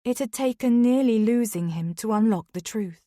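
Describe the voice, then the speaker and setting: A woman narrating a historical romance in a measured, emotive reading. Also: a little high, warm tone, no room sound, studio quality. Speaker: audiobook narrator.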